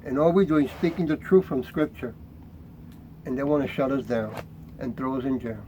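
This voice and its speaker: A middle-aged man preaching and reading scripture, fiery and confrontational, reading verses slowly and deliberately, often tagging his points with "right?". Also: medium pitch, dark tone, slight background noise, low-quality recording.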